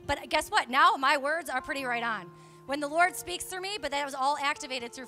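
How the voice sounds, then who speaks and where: A young woman, a pastor's wife, preaching a charismatic sermon in church, exhorting fervently and swinging between loud calls and hushed confessions. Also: high-pitched, fast talker, faint music behind. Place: church sanctuary.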